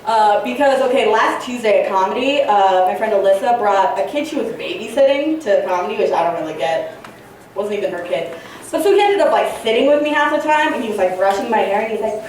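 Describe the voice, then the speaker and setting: A woman's voice: fairly high pitch, lively intonation, a little fast, distant mic, slight background noise. Give me a young woman doing rambling stand-up in an echoey club. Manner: rambling, filler-heavy, profane, giggly delivery. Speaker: stand-up comedian. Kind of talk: stand-up comedy set. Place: comedy club stage, large room. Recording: very echoey room recorded from afar.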